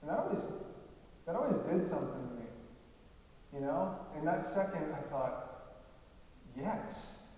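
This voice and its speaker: A man performing a heartfelt solo stage monologue, halting with long pauses. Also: on the high side, animated, mellow. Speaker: storyteller. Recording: echoey hall from far off, faint hiss.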